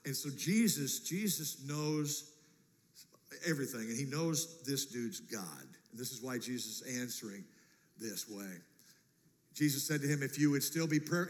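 A man preaching a sermon as pastor, animated and jokey, acting out quotes in a church. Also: medium pitch. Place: church sanctuary. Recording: long church reverb.

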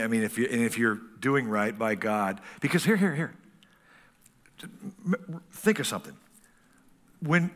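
A man's voice: medium pitch, fairly bright tone. A man in his sixties preaching a sermon as pastor, folksy and full of stories.

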